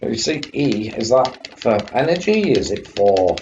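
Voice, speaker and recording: A man's voice: medium pitch, sing-song, measured pace, darkish tone. A man live-streaming retro computer games, chatting to viewers and fighting off a coughing fit. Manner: chatty, greets chat viewers by name. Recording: dull lo-fi stream audio with faint hum.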